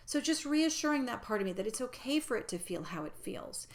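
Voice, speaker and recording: A woman giving a reflective personal growth talk in a gentle, reassuring way, sometimes dropping to a soft near-whisper. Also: fairly high pitch, big pitch swings, fairly quick, few pauses.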